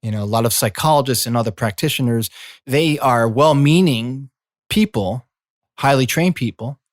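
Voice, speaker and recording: A middle-aged man, a coach and former healer, speaking in a slow, soothing reflective monologue. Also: medium pitch, no echo, clean studio sound. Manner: slow, soothing, drawn-out phrasing. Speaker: coach and former healing practitioner.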